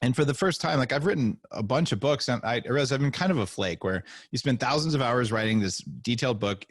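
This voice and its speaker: A man speaks as a podcast guest, telling lively stories and slipping into the voices of the people in them. His voice sits at a middling pitch. The sound is dry and close, with no room echo. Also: fast. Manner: animated, acts out dialogue in stories. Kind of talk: casual interview storytelling.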